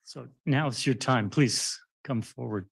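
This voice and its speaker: A man's voice: medium pitch, a little slow, creaky, breathy edge, no echo. Man chairing a council meeting. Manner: relaxed, informal, with fillers. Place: council chamber.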